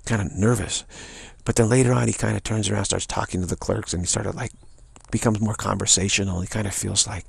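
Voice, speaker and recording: A man's voice: on the low side, fairly even intonation, fairly quick, creaky, slightly rough, no echo. A man giving an informal spiritual talk, rambling through anecdotes and acting out the voices of people he quotes. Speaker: spiritual teacher.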